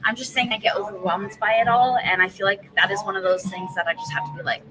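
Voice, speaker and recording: A young woman comedian chatting casually as a podcast guest, animated and quick to laugh, swearing freely. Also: medium pitch, a crowd in the background, poor audio.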